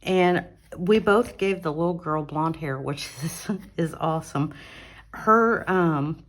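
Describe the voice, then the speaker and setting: A woman hosting an adult coloring channel, chatting casually through her finished pages, relaxed, with fillers and self-corrections, recorded on a phone at home. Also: low voice, slow pace. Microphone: phone on an arm mount.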